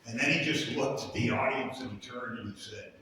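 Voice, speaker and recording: A man's voice: medium pitch, pushed and bright, far from the mic, slight background noise. Middle-aged man, echoey hall from afar. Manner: halting and rambling, with many fillers. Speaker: speaker sharing a recovery testimony. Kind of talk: personal testimony.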